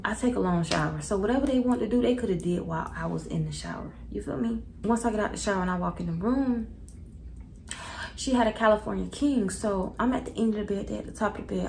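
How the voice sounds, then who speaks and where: Animated young woman with gravelly fry. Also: medium pitch, brisk, a little hiss or hum, poor audio. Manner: animated, slangy, talks straight to viewers. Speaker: vlogger. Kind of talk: casual storytime.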